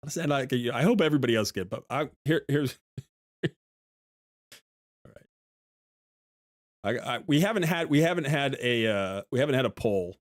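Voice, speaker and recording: A man in his thirties streaming a game, telling a story excitedly, laughing often and mimicking hype chants. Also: mid-range voice, moderate pace, pauses often, no echo, studio quality. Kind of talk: casual live-stream chat.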